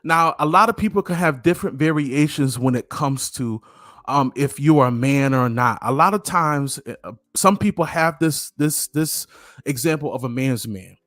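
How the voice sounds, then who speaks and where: A man's voice: a little high, normal speed, a bit bright, no echo. Earnest preaching man, dry close sound. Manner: earnest, preaching, repeats phrases for emphasis. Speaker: motivational speaker. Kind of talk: motivational talk to the camera.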